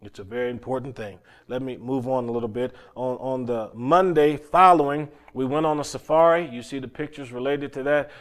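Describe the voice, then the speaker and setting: A man preaching and telling stories, often repeating words and climbing louder as he gets worked up. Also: medium pitch, brisk, few pauses. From North Carolina, USA. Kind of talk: sermon storytelling.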